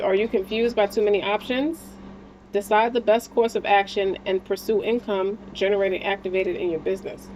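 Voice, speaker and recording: A woman's voice: medium pitch, darkish tone, slight background noise, poor audio. A woman giving a casual spiritual tarot reading, talking in a blunt, slangy and encouraging way and swearing freely. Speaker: tarot card reader.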